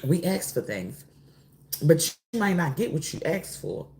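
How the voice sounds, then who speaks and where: Woman, low voice, slow drawl, rambling card reader. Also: big pitch swings, a little mellow, slight background noise. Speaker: tarot reader. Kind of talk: casual oracle card reading.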